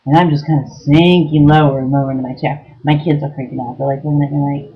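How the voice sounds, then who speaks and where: A woman telling a story to camera in a casual, blunt way, swearing freely and filling pauses with ums. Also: low voice, steady tone, muffled recording. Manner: blunt, profane, lots of ums. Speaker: vlogger giving dating advice.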